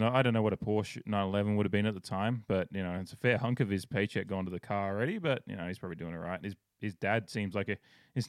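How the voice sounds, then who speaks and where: Casting: man, podcast co-host, lowish voice, easygoing and agreeable, dry close recording. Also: no echo. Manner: relaxed, agreeable, laughs easily. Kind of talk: casual film discussion.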